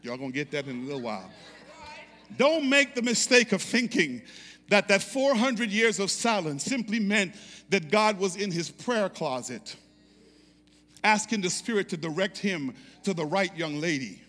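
A pastor preaching a fervent sermon, repeating phrases and calling out to the congregation to respond. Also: male voice, high-pitched, expressive, moderate pace, sharp tone, long reverb tail.

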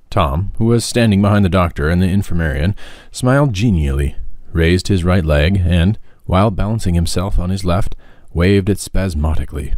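A man narrating a classic children's book aloud in an expressive, animated storytelling manner. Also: low voice, fairly quick, hardly any pauses, no room sound, clean studio sound. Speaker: audiobook narrator.

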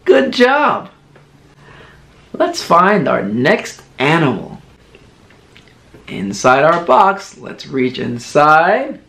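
A man teaching toddlers their first words, modelling each word slowly and with exaggerated sing-song emphasis. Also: on the high side, very animated, creaky, fairly bright tone. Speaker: children's teacher. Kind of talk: slow toddler lesson.

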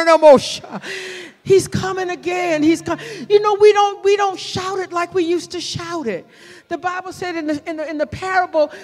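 A woman pastor leading a fervent sermon and altar call, shouting prayers and pleading with the congregation. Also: high-pitched, in a large hall. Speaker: senior pastor.

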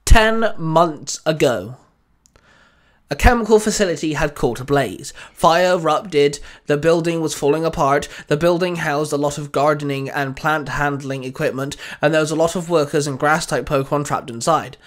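A man reading a fan fiction story aloud in a steady storytelling voice. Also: fairly high pitch, moderate pace. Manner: steady reading with small restarts.

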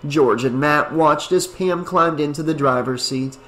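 Man, audiobook narrator, steady reading, slightly high voice. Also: unhurried. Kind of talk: scripted narration.

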